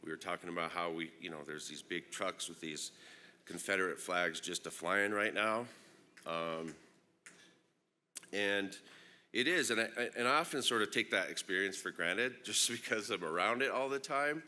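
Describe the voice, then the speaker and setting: A man from Northern California, congested with a plugged-up nose, giving an unhurried, reflective opening talk at a conference with many ums. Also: sits low, pushed and bright. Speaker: invited opening speaker. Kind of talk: personal address at a conference plenary.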